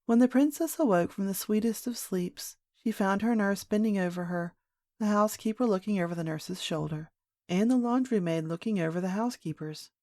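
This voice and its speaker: A woman narrating a classic children's audiobook in a clear, measured storytelling voice. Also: mid-range voice, darkish tone, no room sound, studio quality.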